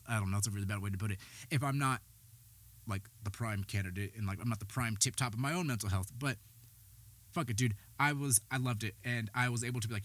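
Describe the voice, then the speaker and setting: A man who hosts a podcast and works in behavioral health tells his personal story candidly and ramblingly, swearing freely and sounding slightly out of breath. His voice is medium-pitched and a bit bright, at a quick pace.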